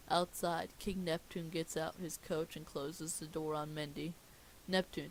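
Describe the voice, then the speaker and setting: A man's voice: a little high, flat delivery, measured pace, rough recording. A man reading a cartoon movie script aloud as comedy, stopping now and then to question the script. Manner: reads stage directions aloud, stops to question the script. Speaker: script reader. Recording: faint hiss behind.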